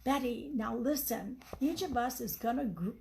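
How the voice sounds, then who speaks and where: A woman's voice: fairly high pitch, animated, moderate pace, gravelly, a little mellow, slight background noise. A woman reading aloud, voicing an eager, pushy husband who talks emphatically. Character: eager scheming husband, a working man.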